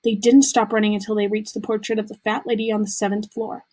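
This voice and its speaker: Husky-voiced woman reading a story aloud. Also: mid-range voice, fast. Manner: lively expressive storytelling. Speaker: teacher. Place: home, for remote class.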